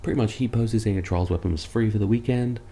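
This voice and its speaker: Man, ranting vlogger, mellow dark tone, sarcastic, rambling, self-mocking. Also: lowish voice, fast, gravelly. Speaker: content creator. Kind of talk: ranting commentary vlog.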